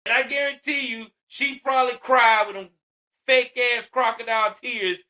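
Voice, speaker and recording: A man's voice: very high voice, moderate pace, sharp tone. A man in his forties giving heated, profane commentary on a news story, ranting angrily with a lot of emphasis. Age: 40s.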